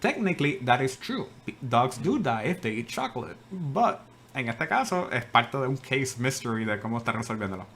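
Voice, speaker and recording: A young man with a Puerto Rican accent, a streamer giving relaxed game commentary, switching between Spanish and English. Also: mid-range voice, a little fast, a little hiss or hum.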